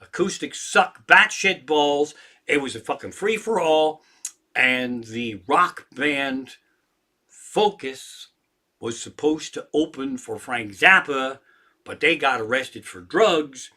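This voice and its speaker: A man's voice: mid-range voice, lively intonation, takes it slowly, bright, forceful tone. Profane, ranting man in his sixties. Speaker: comedian hosting a livestream. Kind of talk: profane ranting livestream chat.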